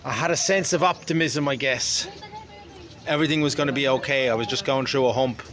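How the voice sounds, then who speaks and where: A man's voice: medium pitch, brisk, fairly bright tone. A man from Ireland with an Irish accent, talking casually to camera outdoors in a wry, rambling way. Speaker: vlogger. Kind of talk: casual spoken monologue.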